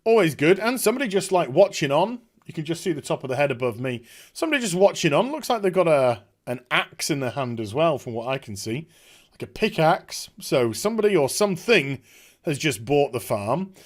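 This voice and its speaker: A man's voice: on the high side, very animated, brisk. A middle-aged man giving casual, sarcastic commentary on a trailer, with chuckling asides. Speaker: YouTube commentator.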